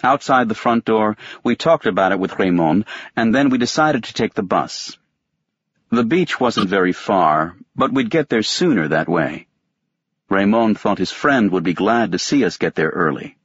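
A man reading a novel aloud as an audiobook narrator, in a measured, detached first-person telling. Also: on the low side, breathy edge, no room sound, dull audio. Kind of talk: scripted narration.

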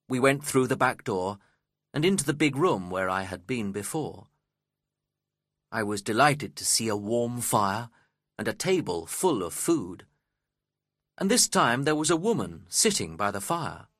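A man reading a novel aloud in the first person, in a measured, expressive storytelling manner. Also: medium pitch, slightly rough, no room sound, studio quality. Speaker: audiobook narrator. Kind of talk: scripted first-person narration.

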